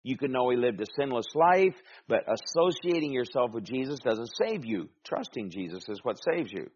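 A man's voice: mid-range voice, very animated, moderate pace, darkish tone, dull audio, a little hiss or hum. A man preaching an expository sermon, reading scripture aloud and explaining it with emphatic, rising delivery.

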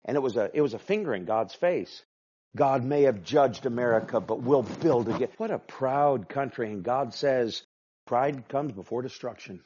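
A male pastor preaching a sermon with emphatic delivery, swinging from hushed asides to loud, forceful passages. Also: mid-range voice, animated, moderate pace, slight background noise. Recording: dull lo-fi sound.

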